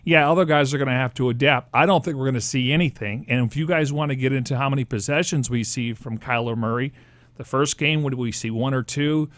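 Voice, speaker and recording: A man's voice: mid-range voice, fast talker, fairly bright tone, dry recording. A man co-hosting a sports talk show, confidently arguing his own take. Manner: confident, argues a counterpoint.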